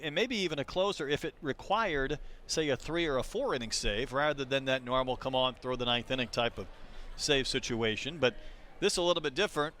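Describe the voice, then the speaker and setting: A man doing live play-by-play baseball commentary, calling pitches and chatting between them. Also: sharp tone, slight background noise. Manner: conversational, calls pitches between chatty stories. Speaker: play-by-play announcer.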